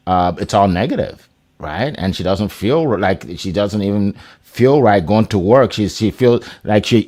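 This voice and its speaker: Animated male host, lively low voice. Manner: animated, filler-heavy, restarts. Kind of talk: casual panel hosting. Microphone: video call.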